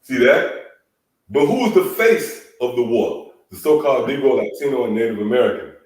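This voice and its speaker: A man's voice: mid-range voice, lively intonation, normal speed, a little mellow. A man leading a scripture lesson in a preaching style, emphatic and repeatedly calling out "man" and "come on.". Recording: echoey room, voice from a distance.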